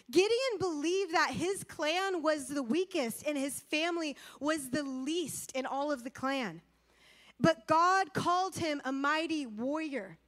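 A woman preaching a sermon, telling a story with energy, acting out quotes and speaking straight to her audience. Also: sits high. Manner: lively, acts out quotes, addresses audience directly.

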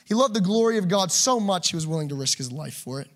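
A man preaching a passionate sermon, swinging between loud urging and quiet asides. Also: high voice, animated, fast, few pauses.

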